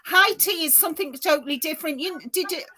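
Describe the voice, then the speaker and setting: A woman's voice: very high voice, fast, bright, forceful tone. A woman with a South African accent hosting a casual crochet livestream, chatting and laughing easily. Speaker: livestream host.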